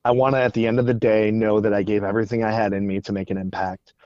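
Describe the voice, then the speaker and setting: A man's voice: lowish voice, little pitch movement, fast talker, a little mellow, no echo. A man who is a guest on a podcast, telling stories in an earnest way and often repeating words, on a dull lo-fi recording. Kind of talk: casual podcast interview.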